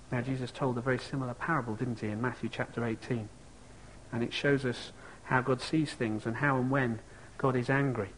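A man's voice: mid-range voice, a bit bright, a little hiss or hum, poor audio. A man preaching a sermon, reflective and asking his listeners rhetorical questions.

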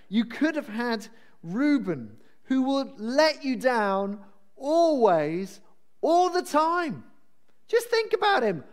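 A man preaching a sermon in a chatty, self-deprecating and animated way. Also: high-pitched, unhurried.

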